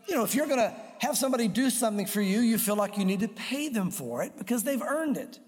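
Pastor guy giving a sermon, pretty high voice, echoey hall, hammers his points home. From Jewish background, raised on the Torah. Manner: emphatic, repeating key phrases. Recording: reverberant hall sound.

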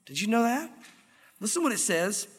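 A man's voice: sits high, big pitch swings, normal speed, husky, in a large hall. A man preaching a sermon as pastor, earnest and direct, driving points home with repetition.

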